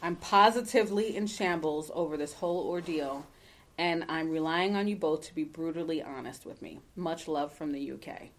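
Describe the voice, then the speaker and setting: A woman's voice: deep voice, moderate pace. Fired-up, swearing woman podcast host. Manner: emphatic and fired up, swears freely, laughs often; reads listener letters aloud. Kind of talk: casual podcast chat.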